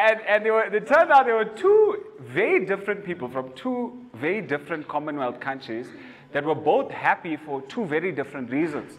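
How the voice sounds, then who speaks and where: A South African man doing stand-up, his voice riding high and swinging widely as he spins stories with mock outrage. It rings out in a reverberant hall, with a faint murmur of room ambience underneath. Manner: animated, storytelling, mock outrage. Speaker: stand-up comedian. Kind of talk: stand-up comedy. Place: comedy venue, indoors.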